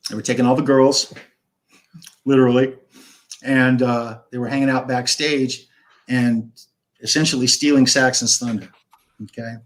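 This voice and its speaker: A man in his fifties, a guest on a live stream, telling a long rock-and-roll story in a rambling way, swearing and acting out the dialogue. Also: mid-range voice. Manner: rambling, swears freely, acts out quoted dialogue.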